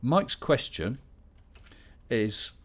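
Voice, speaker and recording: A man's voice: medium pitch, sing-song, drawn-out words. A middle-aged man hosting a casual live Q&A stream, chatting and reading out viewer questions with dry humor.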